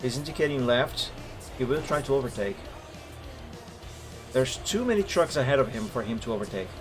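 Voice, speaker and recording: A man's voice: mid-range voice, animated, normal speed. A man streaming live who moderates a game server and methodically explains recorded gameplay footage step by step. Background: faint background music.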